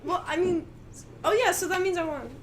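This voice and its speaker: A woman's voice: extremely high pitch, a little fast, a crowd in the background. A woman drummer in a band giving shy, short replies, laughing in an interview. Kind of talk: casual interview chat.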